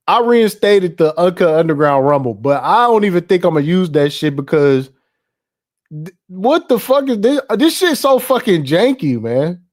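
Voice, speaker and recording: A man's voice: sits high, darkish tone. A man hosting casual, profane political commentary, laughing often and reacting loosely to ads and clips on his screen.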